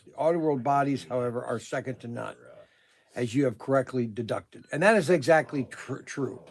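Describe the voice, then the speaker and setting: A man's voice: medium pitch, a little fast. A man co-hosting a livestream, reading an email aloud and explaining it in detail with dry teasing. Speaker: livestream co-host.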